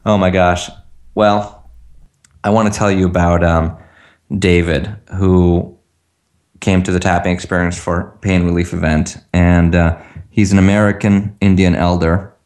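A man's voice: low voice, little pitch movement, unhurried, darkish tone. A man giving an earnest coaching talk on a call, acting out example phrases for listeners to repeat. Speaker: tapping practitioner, guest on a call.

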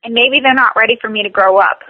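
A woman coaching a tapping session, speaking slow, repetitive scripted phrases. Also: on the high side, no echo, phone-quality sound.

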